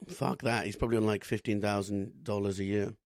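A man co-hosting a podcast chats casually and tells anecdotes, slipping into comic voices. His voice is fairly low with fairly even intonation and a fairly quick pace, in a dry, studio-quality recording.

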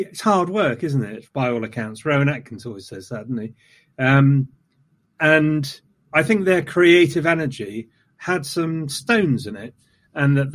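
Rambling man, lively pitch jumps. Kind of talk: casual conversation.

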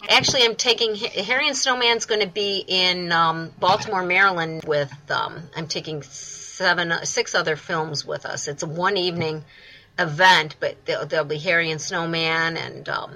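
Interview guest: American woman, festival founder, bright tone, enthusiastic. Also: fairly low pitch, normal speed, rough recording. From United States.

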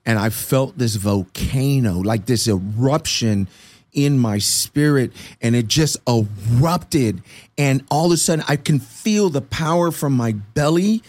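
A man's voice: mid-range voice, unhurried, dry recording. A middle-aged man, an interview guest telling stories in casual talk and acting out the people he quotes. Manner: animated storyteller acting out quoted dialogue.

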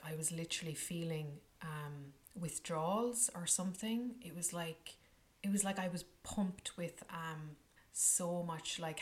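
A woman vlogger telling a travel story to her viewers in a gushing, enthusiastic way, often slipping into breathy whispers. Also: fairly low pitch.

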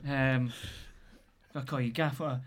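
A man's voice: mid-range voice, steady tone, a little slow, very noisy. A man from the north of England in casual podcast chat, swearing and flustered as he improvises a scene. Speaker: podcast co-host.

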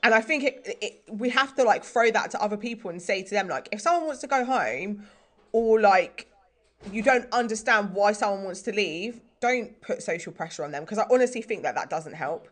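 Young woman, co-host, casual rambling chat, mid-pitched voice, self-deprecating. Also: lively intonation, a little fast, fairly bright tone. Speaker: podcast co-host.

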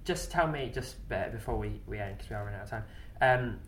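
A woman hosting an interview, upbeat and quick to joke. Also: a bass voice, a little hiss or hum. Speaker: interviewer host. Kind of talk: casual interview chat.

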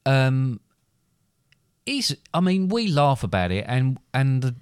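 A man's voice: medium pitch, very animated, slow pace, clear, resonant tone, no echo, clean studio sound. A middle-aged man, a father co-hosting a casual podcast chat, talkative and prone to laughing and trailing off. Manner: chatty, laughs often, trails off mid-sentence.

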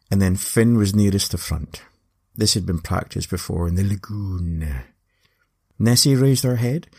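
Scottish male storyteller, low and gravelly, wry and playful. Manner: wry, lively, playful asides. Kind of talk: casual storytelling narration.

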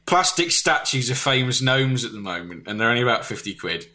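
A man tells a comic tale with plenty of animation, his bright voice swinging up and down as he goes. He keeps breaking into loud put-on voices for the people in his story. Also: medium pitch, a little fast. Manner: animated, shouts and squeals when quoting others. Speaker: storyteller on a comedy podcast.

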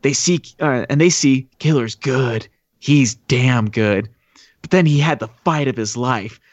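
A man's voice: mid-range voice, unhurried, dry recording, lo-fi sound. A man co-hosting a podcast, recapping a film in a rambling, casual way. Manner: rambling storyteller, acts out quotes. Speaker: podcast co-host.

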